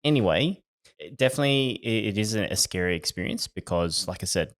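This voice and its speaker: A man's voice: fairly low pitch, expressive, a little fast. A young man co-hosting a casual podcast, teasing his co-host and swearing freely.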